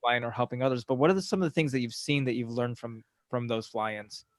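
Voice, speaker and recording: Male podcast host, mid pitch, dry close sound, rephrases as he goes. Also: fast, dry recording. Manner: searching, rephrases questions mid-sentence. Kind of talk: interview questions.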